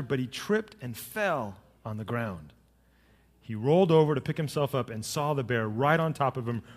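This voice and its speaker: A middle-aged man, a pastor, giving a sermon with jokes and storytelling that rise to lively emphasis. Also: on the high side, in a large hall.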